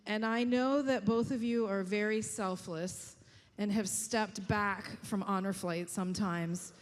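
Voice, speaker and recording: A woman moderating an onstage conversation in front of a banquet audience, gracious and unhurried. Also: medium pitch, fairly even intonation. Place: large banquet hall. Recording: echoey hall.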